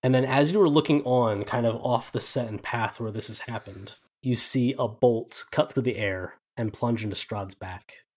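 A man's voice: medium pitch, moderate pace. A man narrating as game master of a tabletop game, in vivid, descriptive storytelling with casual asides.

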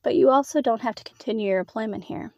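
A woman's voice: fairly high pitch, quick pace, vocal fry, a little mellow, no echo, lo-fi sound. A cold, commanding female boss, as a woman reads her with clipped, taunting lines. The sound is dry and close.

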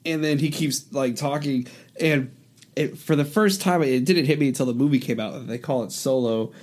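A man's voice: mid-range voice, moderate pace. Guy chatting casually, keeps laughing, throws in little voices for quotes. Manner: animated, acts out quoted lines, laughs often. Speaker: podcast co-host. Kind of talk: casual chat.

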